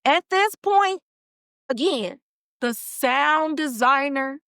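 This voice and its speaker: A woman's voice: sits high, animated, slow, a bit bright, no echo, studio quality. A woman hosting a podcast and recapping a TV episode in casual, slangy storytelling that is full of animation and laughter. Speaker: podcast host.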